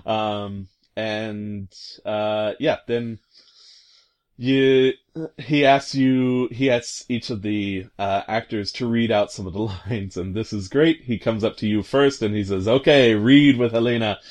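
A man's voice: fairly low pitch, takes it slowly, darkish tone. Man rambling through a game recap. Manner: rambling, hesitant with many fillers, amused. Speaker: commentator recounting a video game. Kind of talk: casual retelling.

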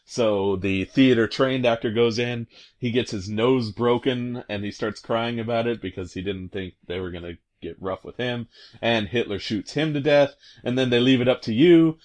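A man's voice: mid-range voice, moderate pace, a little mellow. A man casually retelling a video game scene, rambling and hesitant, full of fillers and amused asides. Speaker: commentator recounting a video game.

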